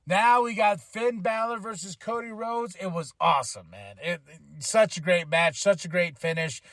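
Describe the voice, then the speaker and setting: A man's voice: high voice, moderate pace, dry recording, studio quality. A man hosting a podcast, giving a casual, rambling wrestling recap and acting out what people said. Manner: rambling, animated, acts out quotes. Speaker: podcast host.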